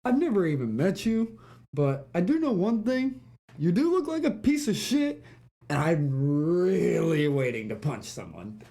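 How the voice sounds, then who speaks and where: A woman's voice: fairly low pitch, huge pitch swings, measured pace, dark tone, heavily acted. A woman playing a fierce, defiant cat heroine. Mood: scornful.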